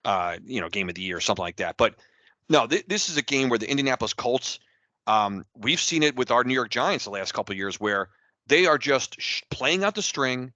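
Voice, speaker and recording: A man's voice: animated, brisk, bright, forceful tone, dry recording. A man co-hosting a casual sports podcast, fired up, stammering and restarting as he rants. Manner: fired-up, stammering restarts, rising pitch when heated. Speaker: podcast co-host.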